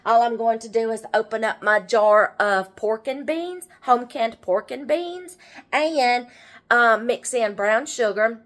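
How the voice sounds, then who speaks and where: A woman's voice: on the high side, lively intonation, slow pace, fairly bright tone. A middle-aged woman, chatting folksily through a home cooking tutorial in her kitchen, always saying "y'all" and "okay".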